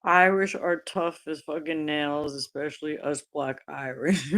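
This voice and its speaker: A woman's voice: low-pitched, fairly even intonation, unhurried, a bit bright. A woman live-streaming, talking casually to her chat, laughing often and swearing freely. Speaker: livestreamer.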